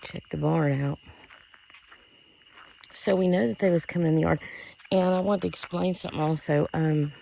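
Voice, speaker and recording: A vlogger in a rural yard at night, puzzled and talking in hushed bursts into a handheld phone. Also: medium pitch, fairly even intonation, normal speed, creaky, long pauses, slight background noise, rough recording. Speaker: vlogger investigating sounds. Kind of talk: casual outdoor vlog. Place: outdoors at night in a rural yard by a wooded ridge.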